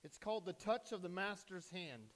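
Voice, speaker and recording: High-voiced man preaching a sermon. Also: normal speed. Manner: preaching with sudden loud rises and hushed drops. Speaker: pastor.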